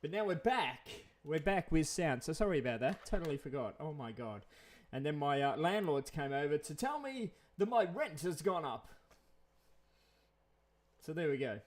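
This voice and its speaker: A man's voice: fairly high pitch, lively intonation, normal speed. A man hosting a casual live stream, out of breath from the flu, rambling with many fillers and restarts. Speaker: channel host.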